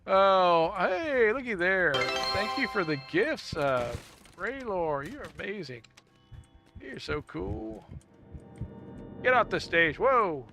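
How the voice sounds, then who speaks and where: A man streaming a video game, chatting casually and jokily with viewers, thanking them and breaking into laughs and sudden loud exclamations. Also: high-pitched, big pitch swings, slow pace, gravelly, music in the background. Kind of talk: casual live-stream chat while gaming.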